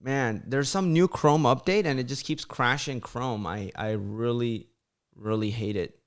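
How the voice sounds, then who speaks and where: A man's voice: medium pitch, measured pace. A young man hosting a casual livestream, talking loosely with lots of "like" fillers and acting out his friends' voices when he tells stories. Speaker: channel host on a livestream.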